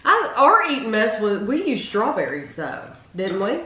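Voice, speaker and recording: A woman's voice: fairly high pitch, huge pitch swings, moderate pace, hardly any pauses, pushed and bright, a little hiss or hum. A woman hosting a casual taste test, chatting enthusiastically and reading product descriptions aloud. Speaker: food reviewer host. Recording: roomy echo.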